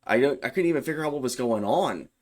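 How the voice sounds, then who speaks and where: A man's voice: mid-range voice, expressive, quick pace, darkish tone. A young man casually telling a personal story, loose and rambling, with fillers and self-corrections. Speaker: YouTube storyteller.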